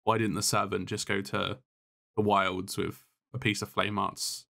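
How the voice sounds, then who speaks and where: A man with a low, gravelly voice chats casually on a podcast as the guest. He complains bluntly and swears freely, sounding fed up with whatever he is describing. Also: flat delivery, measured pace, pushed and bright. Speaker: podcast guest, content creator.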